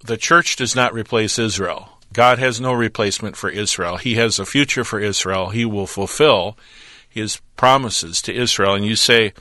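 A man with a bright, forceful, somewhat low voice talks about his teaching work in an earnest, measured way. He has a preacher's cadence and frequent thinking pauses. The sound is dry and close. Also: dry recording. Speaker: ministry representative, Bible teacher. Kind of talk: radio interview about his ministry.

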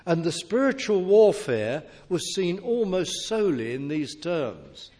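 Slow, measured preacher in a hall. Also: male voice, high voice, big pitch swings, darkish tone. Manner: measured, emphatic preaching with deliberate pauses. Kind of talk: sermon. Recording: long hall reverb.

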